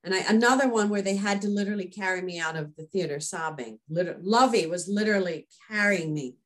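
A woman in casual conversation, telling personal stories in a chatty, animated way. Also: mid-range voice, fast talker. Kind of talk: casual chat.

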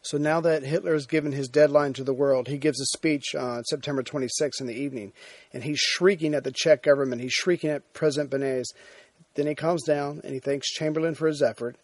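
A man narrates history like a casual storyteller, pausing on fillers and correcting himself mid-sentence. His voice sits a bit on the high side. The sound is dry and close, with no room echo. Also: fairly even intonation. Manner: conversational retelling with fillers and restarts. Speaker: history lecturer. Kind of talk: informal history lecture.

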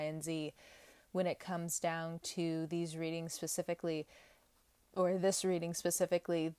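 A young woman reads tarot for her viewers in a casual, rambling way, speaking candidly and leaning hard on her points. Her voice sits on the low side and comes across smooth and clear. The sound is close and dry. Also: a little mellow, no room sound. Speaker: tarot reader.

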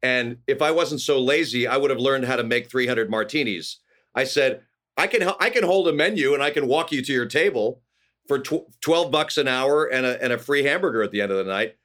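A man's voice: mid-range voice, fairly quick. Middle-aged california guy telling stories on a podcast, does little voices for people he quotes. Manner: animated anecdotes with quoted voices. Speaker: guest actor. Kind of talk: casual storytelling.

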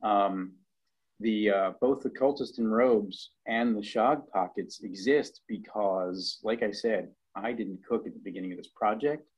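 A middle-aged man, a cookbook author, chatting as a guest in a relaxed interview, hesitant with lots of ums and restarts. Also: fairly low pitch, a little slow, husky, rough recording. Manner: hesitant, many ums and restarts, chuckling asides. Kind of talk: casual interview chat.

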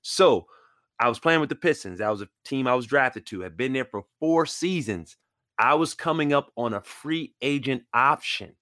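Man in his forties, lively storyteller, voice leaps up and drops low as he acts out quotes, dry close sound. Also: moderate pace, no room sound. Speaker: retired basketball player storyteller. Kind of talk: animated storytelling.

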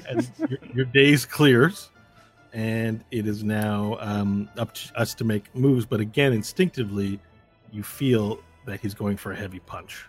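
A man with a low, husky voice runs a tabletop fight as game master. He explains each roll and move patiently, stopping now and then to fix his own slips. Soft music plays underneath. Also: measured pace. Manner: explains rules step by step, with fillers and self-corrections.

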